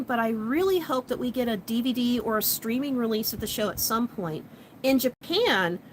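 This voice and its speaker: A woman with a slightly high voice tells a story in a casual vlog, chatty and animated, sprinkling in fillers and laughs. A faint hiss sits behind her voice. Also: poor audio. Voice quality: chatty, animated retelling with frequent likes and laughs. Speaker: vlogger.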